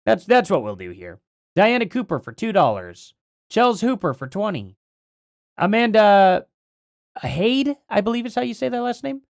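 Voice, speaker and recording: Rambly streamer, voice going a bit hoarse, pitch all over the place, dry close mic. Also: very animated, brisk, dry recording. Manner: rambling, thinks aloud while reading. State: voice starting to go. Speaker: livestream host. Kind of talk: casual livestream commentary.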